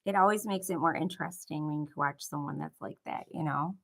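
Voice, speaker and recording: A woman's voice: low voice, brisk, creaky, noisy background. A young woman from Buffalo, New York with a Buffalo accent, chatting casually and rambling through a crafting tutorial. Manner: chatty, rambling, many filler likes. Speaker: craft vlogger.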